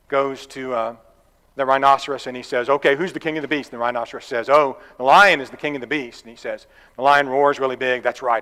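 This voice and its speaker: A man's voice: medium pitch, pushed and bright. A man preaching a sermon in a church, talking in a conversational, folksy way with asides and a told fable. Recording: long reverb of a church hall.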